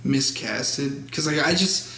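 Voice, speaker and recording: A man's voice: mid-range voice, lively intonation, slow pace, vocal fry, sharp tone. A young man as a guest in casual movie chat, mostly agreeing in short replies. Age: young adult. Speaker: podcast guest. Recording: echoey room.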